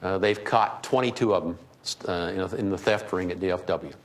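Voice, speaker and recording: Speaking at a normal pace and low in pitch, an older keynote speaker entertains an audience with folksy business anecdotes full of humor. The reverberant hall adds faint ambience, and there's a little hiss or hum.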